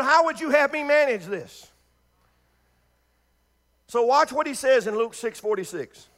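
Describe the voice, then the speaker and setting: Middle-aged pastor, male, high and animated, repetitive fervent preaching. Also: in a large hall. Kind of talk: sermon. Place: church before a congregation.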